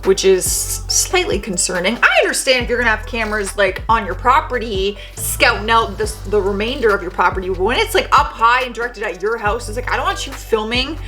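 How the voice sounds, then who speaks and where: A woman's voice: on the high side, a little fast, few pauses, faint music behind. A young woman from Canada hosting a reaction video, talking in a chatty, sassy way from her bedroom. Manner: chatty, animated, sassy asides. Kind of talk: casual reaction commentary.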